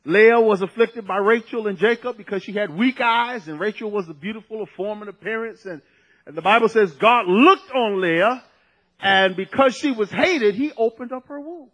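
A man's voice: sits high, normal speed, a bit bright, low-quality recording. A man preaching a sermon, conversational and at times emphatic, drawing out key phrases.

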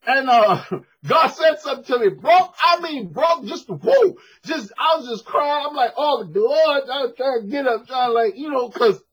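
High husky guy preaching in church, chatty and emphatic, calling out to the crowd. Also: expressive, moderate pace, fairly bright tone, lo-fi sound. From United States. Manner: call-and-response preaching, emphatic and conversational. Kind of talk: sermon. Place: church with a congregation.

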